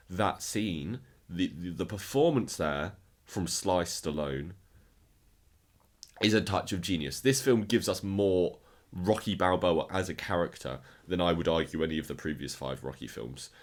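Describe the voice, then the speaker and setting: A man's voice: deep voice, moderate pace. A man casually ranking films in a review video, enthusiastic and often repeating words as he restarts his sentences. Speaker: film reviewer.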